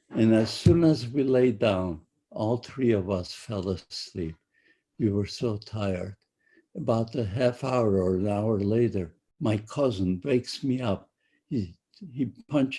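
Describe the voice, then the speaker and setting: Older guy telling students his story, mellow husky voice, halting, keeps repeating himself. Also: fairly low pitch. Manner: halting, repeats and restarts phrases. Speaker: Holocaust survivor speaker. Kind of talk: personal testimony to students.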